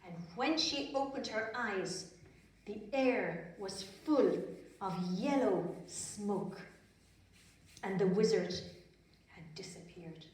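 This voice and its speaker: A woman telling a story to young children, slow and expressive, adding sound effects. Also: mid-range voice. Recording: echoey room from far off.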